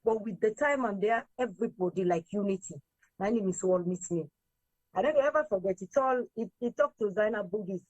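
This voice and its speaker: A woman from Sierra Leone with a Sierra Leonean accent, mixing in Krio, telling her story as an interview guest in a lively way, acting out what others said. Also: medium pitch, no room sound, muffled recording. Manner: lively, quotes others in raised voices, slips between English and Krio.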